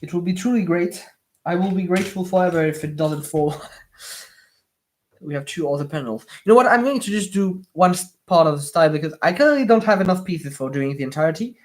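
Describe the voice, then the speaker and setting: A live streamer chatting casually while building with LEGO, answering viewer comments in slightly awkward non-native English, with lots of pauses and restarts. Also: medium pitch, expressive. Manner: hesitant, many fillers and restarts.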